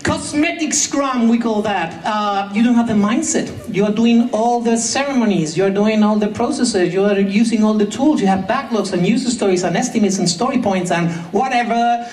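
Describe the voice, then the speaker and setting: A woman's voice: medium pitch, normal speed, few pauses, a little mellow. A woman giving a humorous conference talk, sarcastic and laughing often, in a large hall with a translation booth. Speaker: conference speaker. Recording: echoey hall, mic at a distance.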